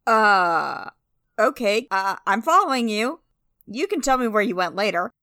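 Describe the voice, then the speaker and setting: A woman playing a tabletop game, speaking in a hesitant, halting way. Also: mid-range voice, big pitch swings, bright, forceful tone, dry recording, clean studio sound. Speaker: player.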